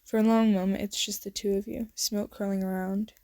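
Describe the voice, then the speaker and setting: A young woman narrating a second-person romance story in a soft, intimate voice that slips into whispers. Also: medium pitch, flat delivery, a little fast, no echo. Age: young adult. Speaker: fan fiction narrator.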